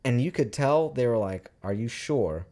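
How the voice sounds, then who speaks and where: A man's voice: mid-range voice, animated, normal speed, dark tone. A man co-hosting a podcast, laid-back and chatty, often adding supportive interjections. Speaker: podcast co-host. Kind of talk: casual chat.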